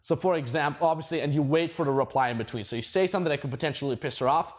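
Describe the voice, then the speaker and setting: A man's voice: on the high side, very fast. A man giving casual dating advice, swearing a lot and laughing at his own stories. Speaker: dating coach.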